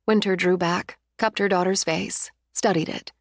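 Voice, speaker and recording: A woman reading a novel aloud as an audiobook narrator, lifting her pitch to voice the characters. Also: unhurried, gravelly, few pauses, no echo.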